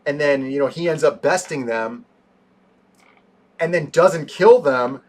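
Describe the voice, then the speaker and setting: A man co-hosting a casual movie review chat, animated, often acting out scenes in quoted voices. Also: fairly high pitch, unhurried. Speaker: podcast co-host.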